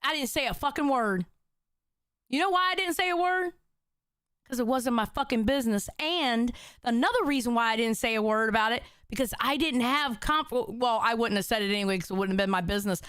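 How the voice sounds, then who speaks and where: A woman hosting a livestream, talking loudly and profanely as she reads out chat messages. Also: on the high side, expressive, a little fast, clean tone, dry recording, clean studio sound. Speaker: livestream host.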